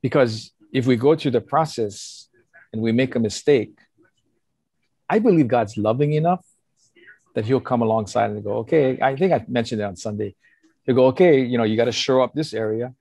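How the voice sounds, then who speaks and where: Older pastor, gravelly husky voice, earnest, acts out little quotes, dry close sound. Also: male voice, medium pitch, moderate pace, no echo. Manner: earnest, animated storytelling with acted quotes and chuckles. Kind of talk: casual conversational counsel.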